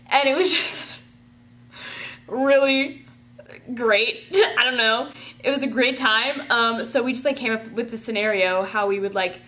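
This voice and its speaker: A woman telling a rambling, chatty storytime, full of "like" and excited gushing. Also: a little high, unhurried. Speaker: vlogger. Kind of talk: casual storytime.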